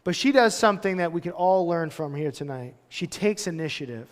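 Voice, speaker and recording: A man's voice: a little high, animated, brisk, big-room sound. A pastor in his thirties giving a casual, storytelling sermon, full of loose conversational asides. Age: 30s. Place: church hall.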